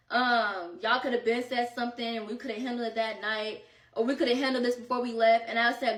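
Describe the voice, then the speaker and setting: A woman tells a story in casual storytime style, animated and slangy, and a little out of breath. Her voice sits a touch high. The room is echoey and she sounds set back from the mic. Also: fairly quick, far from the mic. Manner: animated, slangy, quoting friends in bursts. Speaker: vlogger telling a story.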